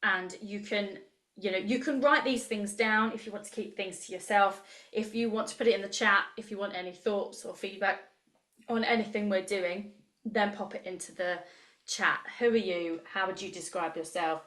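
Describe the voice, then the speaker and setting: A woman's voice: medium pitch, fairly even intonation, normal speed, a bit bright. A woman in her thirties, leading a live online coaching session in an enthusiastic, chatty way and reacting to messages from the chat. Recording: roomy echo.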